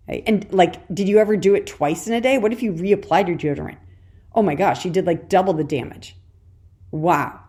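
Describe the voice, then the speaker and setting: A woman's voice: medium pitch, animated, fairly quick. A woman talks straight to her listeners as the host of a solo parenting podcast. Her delivery is chatty and encouraging, loose and conversational, with frequent "okay"s. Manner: warm encouraging, addresses listener as "dear warrior".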